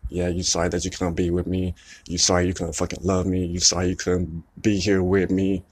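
Low husky man, upset and venting. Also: monotone, fairly quick. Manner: rambling, profane, repeats "you know what I'm saying". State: upset, close to tears. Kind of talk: emotional venting monologue.

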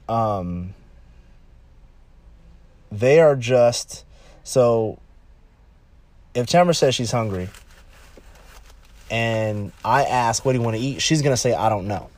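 A man from California gives frank relationship advice in a loose, rambling monologue. His voice sits at an ordinary middle pitch and jumps up high whenever he acts out a quote. The sound is dry and close, with no room around it. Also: no room sound. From California, United States. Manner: animated, repetitive, acts out quotes in higher voice. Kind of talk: casual monologue.

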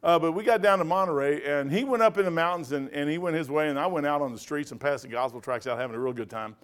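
Male pastor, slightly high voice, emphatic, folksy, Bible study preaching. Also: fast.

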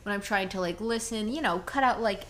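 A woman co-hosting a podcast, telling stories in a casual, animated chat full of fillers. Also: medium pitch, fairly quick. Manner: chatty, animated storytelling with many fillers. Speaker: podcast co-host.

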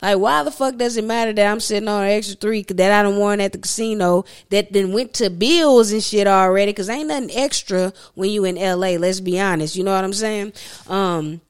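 Woman, podcast co-host, mid pitch, ranting, profane, casual chat. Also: smooth. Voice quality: profane, ranting, animated storyteller.

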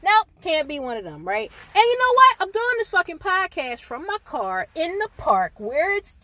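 Middle-aged woman, podcast host, exasperated profane venting, high voice, very lively pitch, recorded in her car without a real mic. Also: moderate pace, no echo. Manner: exasperated, swears constantly, animated rants. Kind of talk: profane solo venting monologue. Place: parked car in a park. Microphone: phone or built-in mic, no proper microphone.

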